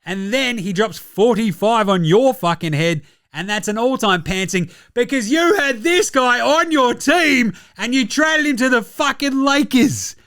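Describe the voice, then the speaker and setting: An Australian man hosting a basketball show, ranting in a sweary, excitable and sarcastic way. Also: very high voice, measured pace, few pauses, dry recording, clean studio sound. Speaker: basketball podcast host. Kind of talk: casual sports commentary rant.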